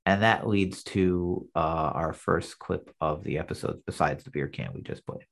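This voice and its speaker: Husky-voiced man recapping a sitcom. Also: low voice, big pitch swings, normal speed, hardly any pauses, fairly bright tone. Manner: narrates scenes, acting out the lines. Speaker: podcast co-host. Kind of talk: casual chat recapping an episode.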